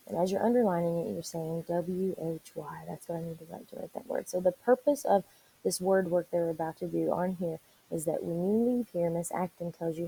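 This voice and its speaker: Gravelly husky woman teaching young kids. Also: fairly low pitch, fairly even intonation, warm tone, rough recording. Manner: encouraging, slow and deliberate spelling aloud. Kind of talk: online reading lesson for young children.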